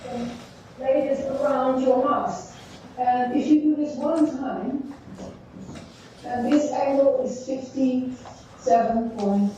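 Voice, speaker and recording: A woman teacher giving a classroom lecture, thinking aloud in halting phrases while she draws on a board. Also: fairly high pitch, warm tone, a little hiss or hum. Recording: echoey dull room sound from far off.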